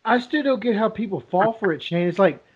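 High-voiced laughing man, lo-fi. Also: fairly quick, a loud crowd. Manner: laughing, animated retelling. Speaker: podcast co-host. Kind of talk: casual chat. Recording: dull lo-fi audio.

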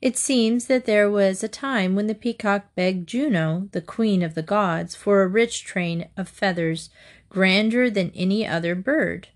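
A woman storyteller reading short fables aloud in a measured, deliberate way. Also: medium pitch.

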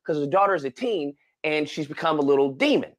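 A man with a high, very lively voice retells a film plot in a relaxed podcast chat. His pitch swings widely as he acts out the characters and sighs dramatically over them. He keeps checking in with his listener as he goes. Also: fast talker. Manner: animated storytelling with dramatic exclamations. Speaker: podcast co-host. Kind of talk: casual chat.

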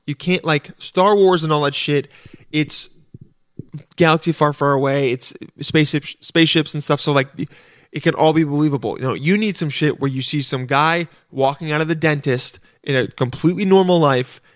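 A man's voice: on the high side, dry recording, studio quality. A man hosting a podcast alone, rambling casually with lots of swearing and restarts. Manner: rambling, profane, self-interrupting. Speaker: podcast host. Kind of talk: casual solo monologue.

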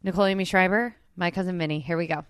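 A woman's voice: on the low side, fairly even intonation, rapid-fire, clean tone. A woman comedian hosting a podcast, chatty and giggly, often agreeing with her guest. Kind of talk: casual chat.

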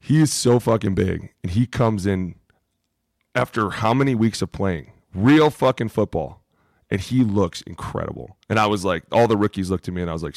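A man in his thirties, a former football player co-hosting a podcast, talking bluntly with lots of swearing and acting out what coaches yell. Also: deep voice, brisk, no echo, studio quality. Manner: blunt, profane, emphatic, acts out coaches' lines. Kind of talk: casual podcast chat.

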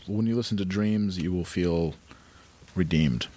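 A man's voice: deep voice, a little slow, dark tone. A man co-hosting a podcast in casual chat, laid-back and eager about music. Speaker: podcast co-host.

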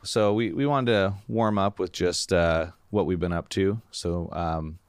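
Deep-voiced man in casual chat. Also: measured pace, clean tone, no echo, studio quality. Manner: rambling, self-interrupting, acts out his own thoughts in quotes. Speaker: podcast co-host.

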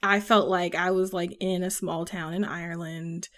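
A woman's voice: on the low side, flat delivery, normal speed. A woman from the American South with a Southern accent, chatting casually about a book she read, rambling with lots of fillers and laughing often. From Southern United States. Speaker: podcast co-host reviewing a book. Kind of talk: casual chat.

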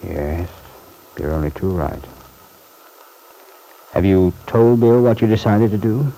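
A chuckling, fatherly middle-aged banker uncle, played by a man in a vintage radio soap. His voice sits low and mellow, and he talks with easy, reassuring geniality. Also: fairly even intonation, normal speed, close to an everyday voice, low-quality recording. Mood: concerned. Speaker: bank executive.

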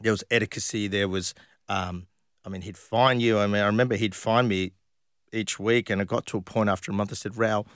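A middle-aged man, telling lively football anecdotes in a casual interview and acting out what others said. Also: on the low side, a little fast, dry recording, clean studio sound. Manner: animated anecdotes, acts out quoted voices, laughs often. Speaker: interview guest, former footballer.

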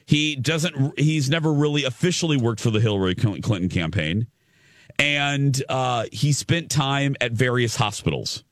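A man co-hosting a morning radio show, telling a story in an animated, playful way. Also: medium pitch, moderate pace, dry recording, clean studio sound. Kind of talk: casual morning show chat.

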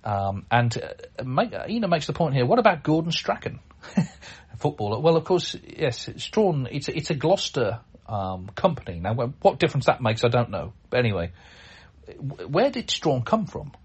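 Husky-voiced man hosting a chatty podcast. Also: medium pitch, very animated, moderate pace. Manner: chatty, rambling, with many fillers and restarts. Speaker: podcast host. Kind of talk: casual solo podcast talk.

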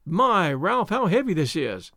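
A man's voice: high-pitched, sing-song, unhurried, bright, forceful tone, no echo, studio quality, exaggerated voice. A man voicing a cheerful, playful young woman. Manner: light, playful.

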